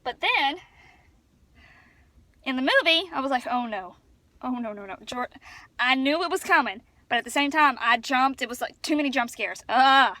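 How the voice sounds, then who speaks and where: Woman vlogging on her phone, high voice, rambly and excitable, dry close sound. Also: normal speed, long pauses, no room sound. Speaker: vlogger reviewing a film. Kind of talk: casual chat. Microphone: phone camera.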